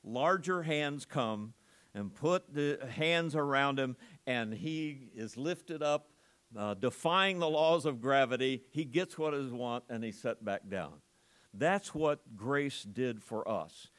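Man, mid-pitched, earnest conversational preacher reading and explaining scripture. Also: lively intonation, takes it slowly, a bit bright.

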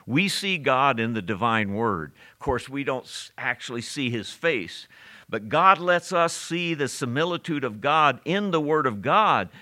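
Bright-voiced preacher giving a sermon. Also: male voice, medium pitch, expressive. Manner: stresses quoted scripture slowly, with asides to the congregation. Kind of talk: expository sermon.

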